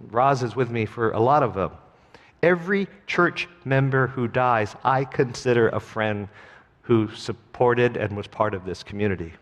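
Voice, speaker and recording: A middle-aged man preaching a sermon as pastor, earnest, slow and emphatic. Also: mid-range voice. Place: church sanctuary. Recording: long hall reverb.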